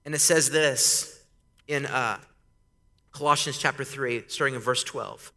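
A man's voice: medium pitch, measured pace, pauses often, pushed and bright. A man in his thirties preaching a sermon, telling casual stories about his kids before building to emphatic exhortation. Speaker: pastor. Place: church sanctuary. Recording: long hall reverb.

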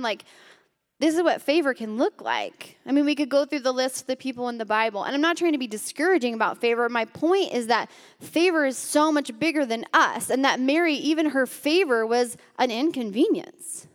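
A woman with a fairly high voice preaching to a room of listeners in a loose, chatty way, peppering her talk with "like" and turning to the crowd with questions. Her voice rings out with the long reverb of a large hall. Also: lively intonation, moderate pace. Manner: casual, filled with "like", addresses the room directly. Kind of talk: conversational sermon. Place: room with a gathered group.

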